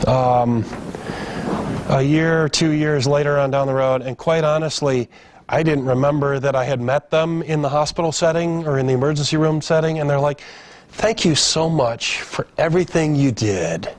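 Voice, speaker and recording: Speaking on the high side, a man lectures emergency staff on grief in a training room, keeping it casual and voicing family members' lines loudly. Slight background noise can be heard.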